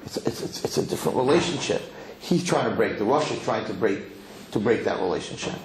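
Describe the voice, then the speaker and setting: A man giving a lively Torah lecture as a rabbi, emphatic and given to repeating words as he builds to a story. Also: fairly low pitch, fairly quick. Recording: roomy hall with faint noise.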